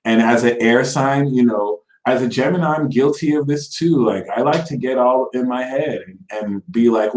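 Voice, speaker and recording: Brief: male astrologer, casual slangy delivery, animated, mid pitch, echoey room. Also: moderate pace, few pauses. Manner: slangy, animated, acts out quoted people. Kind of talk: casual live horoscope talk. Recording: roomy echo.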